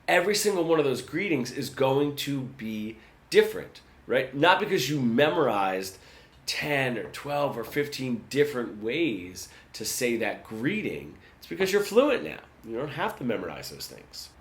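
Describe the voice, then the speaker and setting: A man's voice: medium pitch, very animated, moderate pace. Man explaining a guitar lesson. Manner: conversational, often asks "right?". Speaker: guitar teacher. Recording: roomy sound with guitar.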